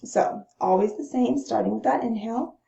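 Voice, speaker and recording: Calm breathing teacher, gravelly, roomy. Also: female voice, on the high side, normal speed. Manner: calm, demonstrates breaths between phrases. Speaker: breathing instructor. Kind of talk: gentle instructional talk. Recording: roomy, dull lo-fi sound.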